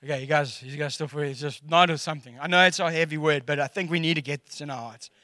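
Middle-aged South African man, bright and high for a man, close dry sound, preaches a casual sermon with jokes and acted-out quotes. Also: fast talker, no echo. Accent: South African English. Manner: animated and jokey, acting out quotes.

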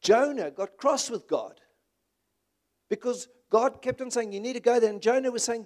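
A man's voice: very high voice, normal speed, darkish tone. A man, preaching a sermon in an impassioned, conversational way with emphatic repetition.

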